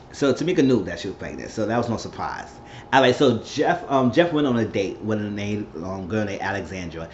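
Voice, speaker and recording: A man talks through a reality show recap in a loose, rambling way, slipping into what each person said. His voice sits at an ordinary middle pitch. The recording is a bit dull and lo-fi, with a faint hiss behind it. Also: a little mellow. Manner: rambling storyteller, acts out quotes. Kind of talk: casual recap vlog. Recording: slightly dull lo-fi audio.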